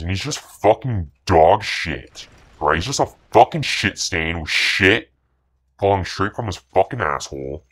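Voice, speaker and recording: This gaming commentator speaks in a low, fairly bright voice while narrating his own match. He brags, swears, and sneers at his opponents, repeating his favorite catchphrases throughout the gameplay commentary.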